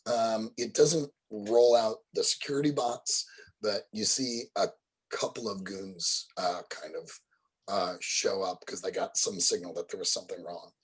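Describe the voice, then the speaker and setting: A man's voice: lowish voice, steady tone, a little slow, breathy edge, rough recording. A man running a tabletop game as game master, narrating with a hesitant delivery full of ums and uhs.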